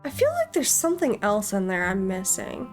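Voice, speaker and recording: A woman's voice: mid-range voice, huge pitch swings, a little fast, soft background music. A woman hosting a gaming channel, casually commenting and thinking aloud while playing. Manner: chatty, thinks aloud, jokey.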